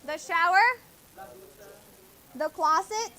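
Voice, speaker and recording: Slow, bright-voiced woman teaching a class. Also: very high voice, expressive. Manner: patient, drills words and corrects pronunciation. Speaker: Spanish teacher. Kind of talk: classroom vocabulary lesson.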